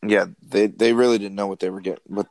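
A man with a low voice chats casually as a co-host. His talk is relaxed and unhurried. The sound is dry and close, with no room echo. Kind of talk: casual chat.

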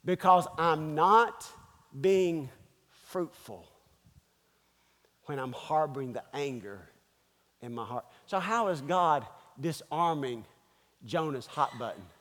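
A man's voice: a little high, animated, slow pace, long pauses, a bit bright, big-room sound. A man preaching a sermon as pastor, firing off emphatic rhetorical questions. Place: church.

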